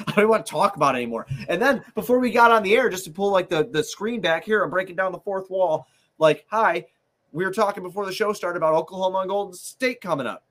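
A man's voice: sits high, fast talker, a bit bright. A man co-hosting a sports podcast, ranting heatedly and swearing a lot. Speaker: podcast co-host. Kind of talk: casual sports podcast banter.

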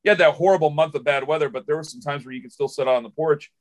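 A man who hosts a sports radio show, telling stories in a casual podcast chat. His voice sits a little high, and he rambles emotionally, repeating and restarting words as he goes. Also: very fast.

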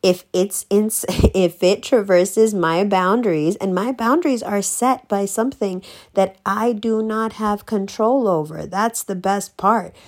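A woman ranting bluntly in a casual monologue, profane and emphatic, swinging between slow stressed words and fast bursts. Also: mid-range voice, a little mellow. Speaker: vlogger.

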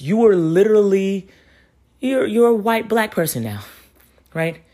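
A man delivering an angry, profane monologue straight at someone, often ending his points with "right?" and swinging from loud outbursts to low, hushed lines. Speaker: commentator. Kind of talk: heated monologue addressed to a comedian.

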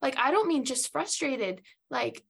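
A woman's voice: high-pitched, a little slow, vocal fry, breathy edge. A woman hosting a podcast, telling a personal story in casual chat and acting out the dialogue she quotes. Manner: animated, acts out quoted dialogue. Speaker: podcast host.

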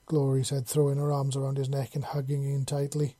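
An audiobook narrator reading a story aloud in a steady, even storytelling manner. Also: medium pitch, a little fast, breathy edge, no echo. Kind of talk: reading fan fiction aloud.

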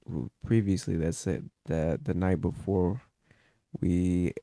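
A podcast co-host recounting a trip in a hesitant, low-key way. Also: steady tone, takes it slowly, warm tone, no room sound. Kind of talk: casual chat.

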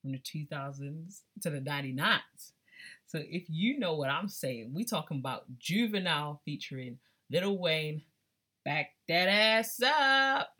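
A woman's voice: low voice, animated, moderate pace, fairly bright tone, slightly rough. A young adult woman hosting a casual music podcast, chatty and drifting between accents. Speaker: podcast host.

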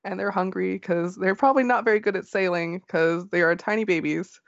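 A woman cohosting a podcast, casually recapping a manga chapter with fillers and soft laughs. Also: lowish voice, brisk, gravelly, no room sound, muffled recording. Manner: relaxed storytelling with fillers and gentle laughs.

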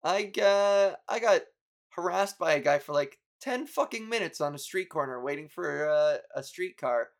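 A young man with a slightly high voice talks through a personal story on his podcast. He rambles, swears freely and mocks himself, flaring up now and then in exasperation. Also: lively intonation, normal speed, creaky. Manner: rambling, profane, self-mocking storytelling with bursts of exasperation. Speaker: podcast host. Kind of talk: casual podcast monologue.

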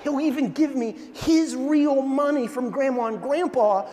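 A man's voice: very high voice, unhurried, dark tone, pitched above the performer's own voice. A man doing a sly scheming young girl. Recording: long hall reverb.

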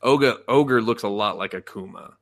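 At a normal pace and fairly low pitch, this man co-hosts a podcast, with slight background noise in the recording. His casual anime recaps are animated stories where he acts out quotes, swears, and laughs.

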